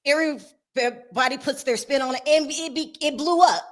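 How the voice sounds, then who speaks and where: A woman with a high voice hosts a casual gossip chat. She talks straight to her viewers, animated and quick to laugh. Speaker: show host.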